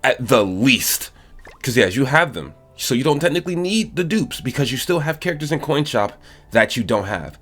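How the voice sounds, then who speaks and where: Blunt, exasperated young man reviewing accounts. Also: fairly low pitch. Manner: blunt, exasperated, swears a lot. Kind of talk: casual gaming commentary.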